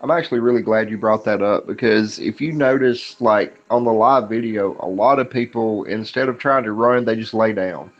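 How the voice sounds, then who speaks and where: A man chatting casually on a podcast, calm and agreeable. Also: on the low side, normal speed, few pauses, highs cut off, faint music behind. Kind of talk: casual chat.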